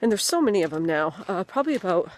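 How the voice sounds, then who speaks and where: Halting, mock-serious woman outdoors. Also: on the low side, very animated. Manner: halting, filler-heavy, mock-serious delivery. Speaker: comedian presenting mock field reports. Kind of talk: deadpan mock documentary narration. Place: outdoors, on location.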